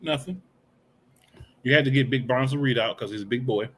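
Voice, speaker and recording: A man's voice: mid-range voice, brisk, slight background noise. A man co-hosting a casual wrestling podcast, blunt and dry with a sarcastic edge. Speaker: podcast co-host.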